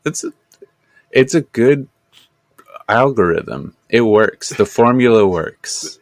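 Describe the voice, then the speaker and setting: A man's voice: medium pitch, lively intonation, slow, dry recording. A man co-hosting a podcast, chatting casually with short, dry wisecracks. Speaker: podcast co-host. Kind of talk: casual chat.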